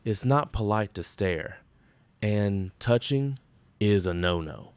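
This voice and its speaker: Gruff boastful diner cook Mel. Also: male voice, on the low side, animated, takes it slowly, a little mellow, no echo. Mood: smug. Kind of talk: sitcom acting.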